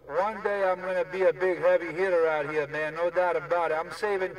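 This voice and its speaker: A man's voice: sits high, fairly even intonation. Distant man speaking CB radio lingo. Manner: drawn-out, radio-jargon heavy. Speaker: CB radio operator. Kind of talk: casual CB radio chat with trucker lingo. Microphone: CB radio handset. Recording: distant radio voice with crowd noise.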